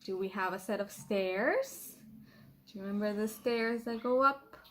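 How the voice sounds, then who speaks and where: A middle-aged woman teaching a children's language lesson in a playful, patient way, repeating words slowly for pupils to copy. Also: mid-range voice, a bit bright, a little hiss or hum. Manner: playful, laughs at herself.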